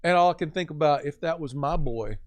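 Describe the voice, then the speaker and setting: A man's voice: a little high, fairly quick. Earnest preaching man telling a story. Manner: earnest, animated storyteller, quotes scripture. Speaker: pastor, podcast guest.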